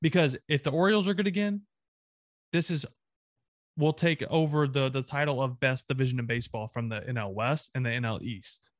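A man's voice: medium pitch, a little fast, no echo, studio quality. A man from the American South ranting emphatically, with swearing, as a co-host of a casual sports talk show.

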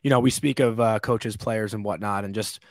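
A man's voice: on the low side, fairly even intonation, normal speed, no room sound, clean studio sound. A young man co-hosting a sports podcast from home over a remote call, rambling through his points with many fillers. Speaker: sports reporter, co-host. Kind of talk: casual sports chat. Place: home room.

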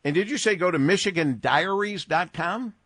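A male radio host interviewing a guest, lively and joking. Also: high voice, moderate pace, no echo, clean studio sound.

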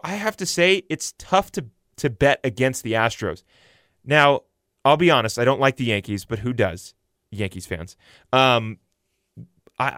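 A man's voice: medium pitch, a bit bright, clean tone, no room sound, studio quality. A young man giving casual baseball commentary on his own show, rambling with frequent fillers and self-corrections. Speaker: sports podcaster.

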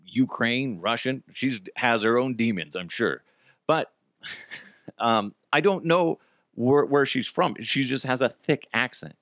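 Lively rambling male podcast host. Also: mid-range voice, slow, no room sound, studio quality. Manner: rambling, self-deprecating, swears freely. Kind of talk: casual storytelling monologue.

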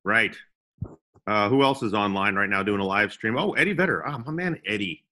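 A man's voice: lowish voice, expressive, a little fast, sharp tone. A young man co-hosting a comedy podcast, joking around and slipping into silly voices. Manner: goofy, puts on silly voices. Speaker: podcast co-host.

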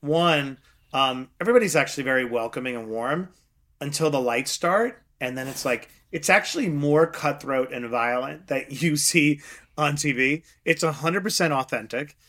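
A middle-aged man, a guest investor, chatting in an interview, telling lively stories and acting out quotes with frequent laughs. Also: on the high side, moderate pace. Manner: animated storyteller, acts out quotes, laughs often. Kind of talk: casual interview chat.

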